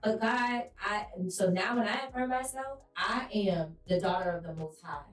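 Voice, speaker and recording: A woman's voice: mid-range voice, moderate pace. A woman co-hosts a faith podcast, preaching her points with emphasis and acting out stories as she tells them. Her voice rings in an echoey room, picked up from some distance off the mic. Faint music plays underneath. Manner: emphatic, preacherly, animated storytelling. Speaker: podcast co-host. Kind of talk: faith-based casual podcast talk.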